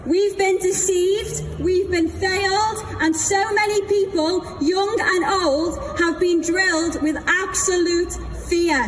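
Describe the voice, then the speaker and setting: A woman's voice: very high voice, fairly even intonation, takes it slowly, few pauses. A woman giving a defiant, rousing speech at an outdoor rally. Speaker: protest speaker. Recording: roomy PA sound with crowd noise. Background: crowd and noise.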